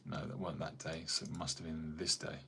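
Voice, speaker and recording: A man's voice: rumbling low, level tone, a little fast, gravelly, bright, forceful tone, slight background noise. A man with an English accent, rambling in casual livestream chat as a carpenter answering viewer comments. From England. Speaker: carpenter streaming live.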